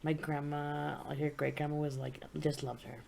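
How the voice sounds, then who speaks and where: A middle-aged woman co-hosting a podcast in casual chat, animated and jokey, often laughing. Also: low voice, normal speed, gravelly, slight background noise. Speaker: podcast co-host.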